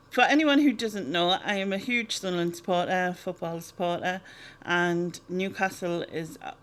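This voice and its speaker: A chatty woman answers viewer questions in a relaxed vlog. Her voice sits a little low, and she rambles along with plenty of ums and quick laughs. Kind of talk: casual Q&A vlog.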